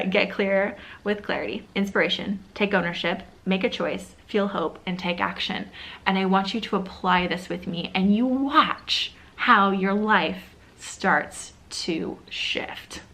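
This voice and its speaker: A woman's voice: mid-range voice, a bit bright. Woman vlogger, mid-range voice, motivational and encouraging. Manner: earnest, encouraging, direct to viewer. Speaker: lifestyle vlogger. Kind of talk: motivational vlog talk.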